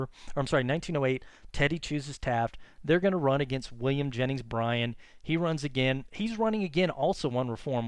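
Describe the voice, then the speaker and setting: Smooth-voiced man giving a casual lecture. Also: mid-range voice, dry recording. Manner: casual and conversational, many fillers and self-corrections. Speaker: history teacher. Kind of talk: classroom history lecture.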